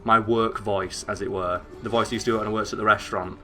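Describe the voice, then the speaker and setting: A young man with a northern English accent, chatting excitably and swearing as he streams a game, rambling with lots of fillers. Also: on the low side, fast talker, faint music behind. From northern England. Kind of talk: casual gameplay commentary.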